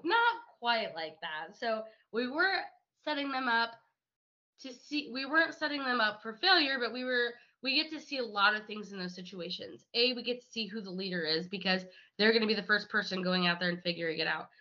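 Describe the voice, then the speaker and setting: Bright, chatty woman telling a story. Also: a little high, normal speed. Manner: animated, chatty storyteller with frequent "like" and laughter. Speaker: riding instructor and horse manager, guest. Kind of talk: storytelling in a video-call interview. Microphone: video call. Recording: slightly dull lo-fi call audio.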